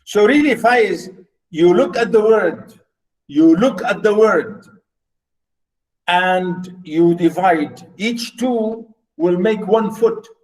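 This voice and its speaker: Casting note: male lecturer, high voice, unhurried, teaches verse meter by repeating words over and over. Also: a little mellow, poor audio. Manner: drills syllables and stresses by repeating words slowly. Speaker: literature lecturer. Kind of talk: online class teaching poetic meter.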